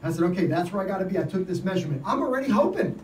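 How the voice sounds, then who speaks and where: A man giving an informal sermon, telling stories in an animated way and laughing often. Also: high voice, rapid-fire, echoey room, distant mic, slight background noise, poor audio. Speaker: lay preacher. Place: event gathering.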